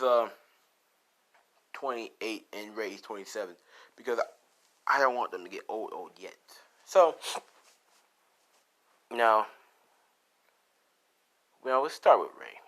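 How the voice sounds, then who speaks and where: A man's voice: medium pitch, expressive, takes it slowly, pauses often, a bit bright. Rambling casual male fan storyteller. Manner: rambling, profane, lots of "you know" and restarts.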